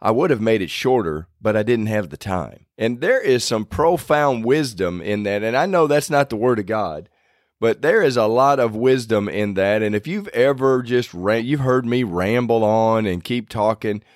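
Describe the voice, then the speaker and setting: A man's voice: on the low side, lively intonation, normal speed, no echo, clean studio sound. A man hosting a casual devotional talk in a folksy, self-deprecating way, rambling a little and restarting sentences. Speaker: faith podcast host.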